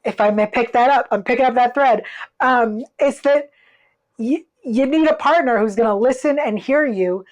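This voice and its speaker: A woman's voice: on the high side, normal speed. A woman appearing as a podcast guest, speaking in a thoughtful way and picking up the conversation thread. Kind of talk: casual chat.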